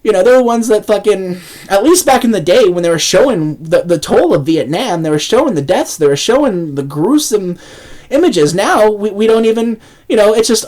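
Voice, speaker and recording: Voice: medium pitch, animated, moderate pace, a little mellow. An angry voice delivering a profane political rant. The speaker stumbles through restarts and repeats words, mocks opponents with sarcastic asides, and breaks into scornful laughs between points. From Canada. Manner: angry, sarcastic, heavy swearing, frequent restarts. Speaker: political commentator.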